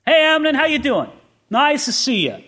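A sly young prince who hides a grudge behind a cheerful, casual manner, as a preacher puts him on. He coaxes in a bright, high voice that swoops up and down a lot. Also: big pitch swings, slow pace, heavily acted. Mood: falsely friendly. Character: scheming young prince, cheerful fake friendliness.

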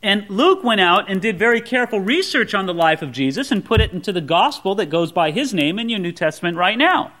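Pastor, male, bright high voice with a lot of pitch movement, easygoing joking sermon delivery. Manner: casual, joking preaching. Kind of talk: expository sermon.

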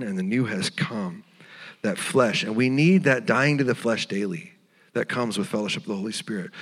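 A man preaching a sermon as pastor, earnest and tender, sometimes dropping to a hushed voice. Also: mid-range voice, husky, in a large hall. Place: church sanctuary.

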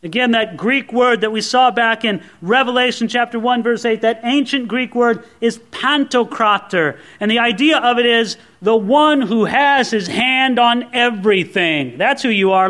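Male pastor, high voice, earnest teaching sermon delivery. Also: moderate pace, few pauses, a bit bright. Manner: earnest teaching, repeats words for emphasis. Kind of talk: expository sermon.

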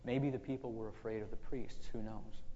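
A man's voice: fairly low pitch, fairly even intonation, a little fast, dark tone, big-room sound, lo-fi sound, a little hiss or hum. A male pastor telling a story in a sermon, folksy and conversational.

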